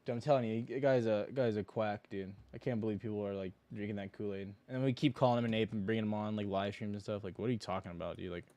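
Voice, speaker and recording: A young man hosting a casual stock trading livestream, rambling and joking in slang, with sudden loud mocking bursts. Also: lowish voice, fairly even intonation, quick pace, hardly any pauses, no echo.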